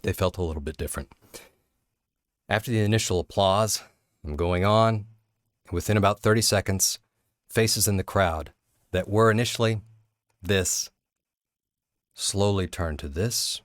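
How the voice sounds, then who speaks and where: A man teaching public speaking through a personal story, earnest and candid, often halting and restarting mid-sentence. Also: on the low side, no echo, clean studio sound.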